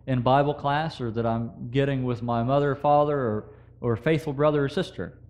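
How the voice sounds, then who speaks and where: A man's voice: mid-range voice, steady tone, normal speed, a little mellow. A man preaching a sermon, talking through scripture in a conversational way with quoted verses and asides to the congregation.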